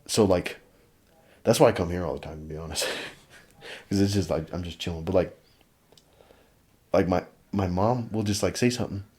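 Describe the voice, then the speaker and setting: Young dude on a podcast, kinda low voice, rambly, lots of "like"s, swears a lot. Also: male voice, normal speed, pauses often, a little mellow, breathy edge. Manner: rambling, filler-heavy, swears casually. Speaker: podcast host. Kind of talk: casual chat.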